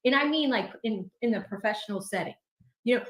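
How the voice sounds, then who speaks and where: A woman's voice: fairly high pitch, expressive, a bit bright. A woman hosting a livestream in a casual, chatty and upbeat manner, reading out viewer super chats. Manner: chatty, upbeat, quick asides. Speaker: livestream host. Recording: echoey room.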